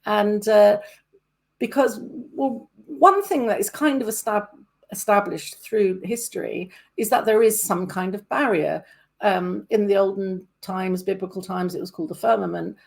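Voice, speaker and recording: A woman's voice: medium pitch, normal speed, gravelly. A woman in her fifties hosting a casual interview podcast, rambling with many restarts. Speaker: podcast host.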